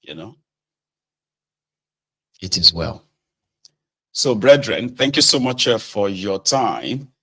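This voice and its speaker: A man's voice: on the low side, lively intonation, takes it slowly, pauses often, a bit bright. A man hosting a casual political commentary show, speaking sardonically and emphatically.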